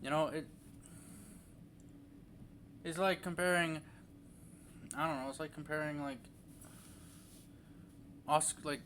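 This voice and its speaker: A man's voice: fairly high pitch, steady tone, slow, pauses often, fairly bright tone, slight background noise. A young man giving a casual, rambling movie review, full of fillers and restarts.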